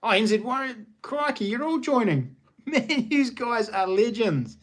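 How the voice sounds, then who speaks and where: A man's voice: extremely high pitch, expressive, measured pace. A man in his thirties with a New Zealand accent, hosting a casual home livestream, upbeat and chatty with his viewers. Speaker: livestream host. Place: small lounge nook at home.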